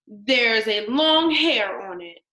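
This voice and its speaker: A woman reads a big gruff daddy bear from a storybook. He growls his lines slowly and firmly. The voice rings in a roomy, echoing space. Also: fairly high pitch, lively intonation, bright, forceful tone, full character voice.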